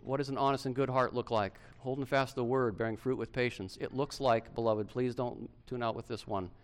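A middle-aged male pastor preaching a sermon to his church, swinging from loud emphasis to hushed softness. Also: mid-range voice, steady tone, fairly quick, clean tone.

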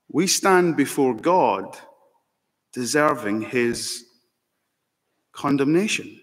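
A man preaching a sermon as pastor, slow and emphatic, building to fervent peaks. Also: medium pitch, expressive. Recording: long hall reverb.

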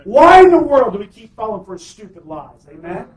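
Man, pastor, emphatic sermon, call-and-response, very high voice, distant mic. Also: big pitch swings, moderate pace, reverberant.

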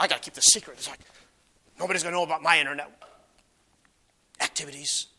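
A man preaching a sermon, moving between emphatic exclamations and quiet asides, and reading scripture aloud in slow measured phrases. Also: high voice. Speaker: pastor. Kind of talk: expository sermon.

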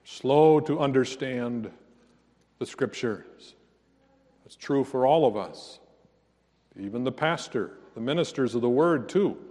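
A man preaching a sermon as pastor, slow and earnest, rising to emphatic declarations. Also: mid-range voice, a little mellow, big-room sound.

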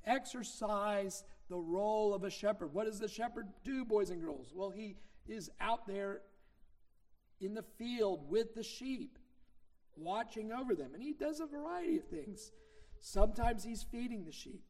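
High-voiced middle-aged preacher. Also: male voice, darkish tone. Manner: conversational teaching with anecdotes. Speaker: minister. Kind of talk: sermon.

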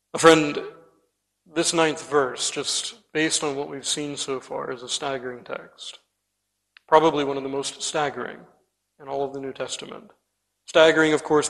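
A man's voice: a little high, a bit bright, big-room sound, rough recording. A man preaching a sermon, earnest and emphatic, often calling his listeners friend.

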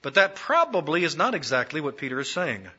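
Emphatic male preacher, husky and bright. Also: a little high, very animated, a little fast, muffled recording. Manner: emphatic, repeats phrases for stress. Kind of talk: expository sermon.

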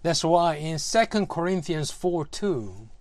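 A preacher delivering a sermon in a deliberate manner, posing rhetorical questions to the listeners. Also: medium pitch, expressive, darkish tone, dry recording.

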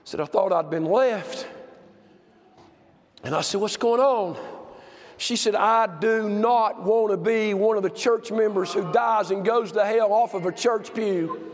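A man preaching a sermon, telling stories with passion and swinging from shouts to hushed tones. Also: high voice, a little slow. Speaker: pastor. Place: church sanctuary. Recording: long hall reverb.

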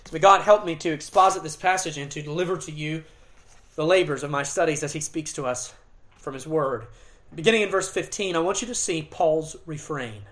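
A middle-aged pastor delivering an expository sermon, earnest and emphatic, with dramatic pauses and occasional restarts. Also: male voice, on the high side, a bit bright.

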